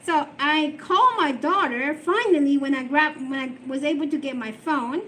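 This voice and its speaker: A woman's voice: high-pitched, moderate pace, pushed and bright, slight background noise. A middle-aged woman chatting casually on a live stream, emotional and rambling as she answers viewer comments.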